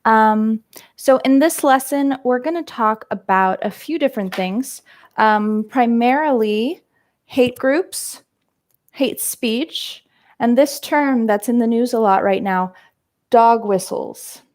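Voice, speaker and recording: A woman's voice: fairly high pitch, a little mellow. A woman teaching English vocabulary in a live-streamed lesson, explaining terms step by step. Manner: slow, explains terms step by step, frequent "um" and "right?".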